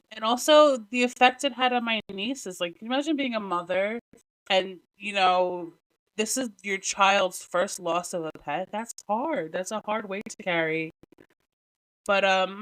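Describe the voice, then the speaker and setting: Emotional woman podcast host, halting speech. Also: medium pitch, fairly bright tone, low-quality recording. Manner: emotional, halting, many restarts. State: close to tears. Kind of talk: solo podcast talk.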